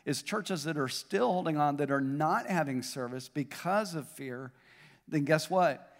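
Southern male pastor, high-ish voice, preaching in a hall with long reverb. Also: unhurried. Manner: preaching with rising and falling intensity, joking with the congregation. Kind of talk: sermon. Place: church auditorium.

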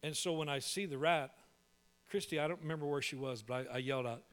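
A male pastor telling a humorous story in a sermon, animated and full of quick restarts. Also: a little high.

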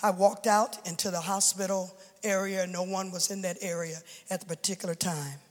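A woman's voice: lowish voice, steady tone, moderate pace, few pauses. A woman, the widow of a pastor, telling her story as an emotional church testimony that builds into fervent preaching. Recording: long reverb of a large hall.

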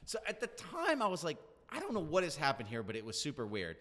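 Male storyteller, lively, acts out the dialogue; a reverberant room. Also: fairly high pitch, fast talker. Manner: animated storyteller, acts out quotes. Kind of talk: casual chat, anecdote.

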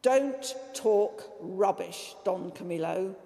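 A woman's voice: a little high, expressive, takes it slowly, warm tone, big-room sound. A woman reading aloud voices the Lord, stern, irritable and scolding. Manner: severe, scolding.

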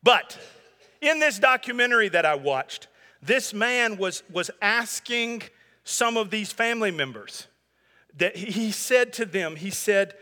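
A man's voice: high voice, expressive, measured pace, sharp tone. A man preaching a sermon as pastor in an earnest, conversational way. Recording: long hall reverb.

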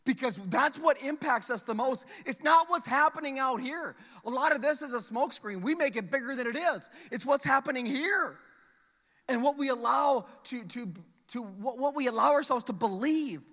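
A male pastor preaching a sermon, swinging from loud, drawn-out calls to hushed, near-whispered asides. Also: very high voice, big-room sound.

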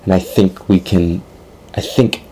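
A man's voice: sits low, fairly even intonation, unhurried, mellow, a little hiss or hum. A man narrating a tabletop game scene off the cuff, hesitant and thinking aloud with many fillers.

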